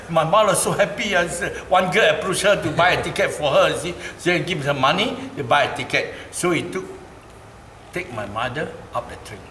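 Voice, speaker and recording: A man with a Malaysian English accent telling a personal story to an interviewer. He talks in an animated way, repeats phrases and turns louder and higher when quoting people. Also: a little fast. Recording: roomy, noisy ambience.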